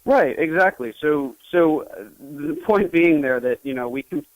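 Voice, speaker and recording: A young man, a journalist guest, talking in an interview in a halting way with many restarts. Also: a little high, lively intonation, no echo, poor audio. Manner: hesitant, full of restarts. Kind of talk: interview conversation.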